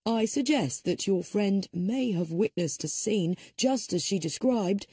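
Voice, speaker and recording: A woman voicing a male police sergeant who talks in an even, official and reassuring way. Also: mid-range voice, breathy edge, no room sound, studio quality.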